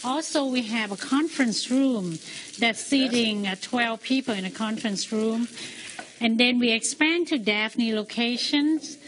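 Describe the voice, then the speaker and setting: Woman, slightly high voice, restaurant owner, earnest, pausing, cooking demonstration, loud frying sizzle behind. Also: a little hiss or hum. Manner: plain, earnest explaining with pauses. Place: studio kitchen with food frying.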